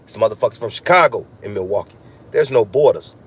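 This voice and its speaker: A man's voice: on the low side, expressive, quick pace, breathy edge. A man delivering a heated, profane, freewheeling podcast monologue, ranting and swearing constantly. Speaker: podcast host.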